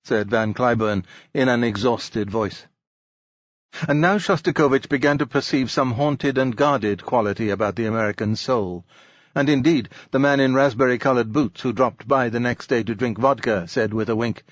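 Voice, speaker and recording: A man's voice: medium pitch, normal speed, no echo, muffled recording. A man reading literary fiction as an audiobook narrator, lifting his voice for the quoted characters. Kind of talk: scripted narration.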